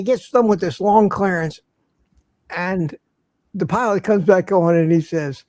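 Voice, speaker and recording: A man's voice: high-pitched, a little slow, darkish tone, dry recording. An older man hosting a livestream, telling rambling stories in casual chat and laughing at his own jokes. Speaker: livestream host.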